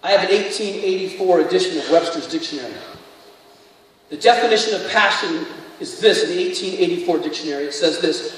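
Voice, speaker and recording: A male pastor preaching a dramatic sermon, swinging from hushed tones to shouting. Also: high-pitched, fairly quick. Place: church sanctuary. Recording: echoey hall from far off, faint noise.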